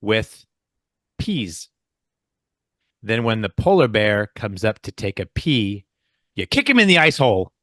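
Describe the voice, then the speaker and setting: A man's voice: on the low side, big pitch swings, unhurried, long pauses, fairly bright tone, no echo, clean studio sound. A man co-hosting a podcast in casual chat, with a playful, bantering manner. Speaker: podcast co-host.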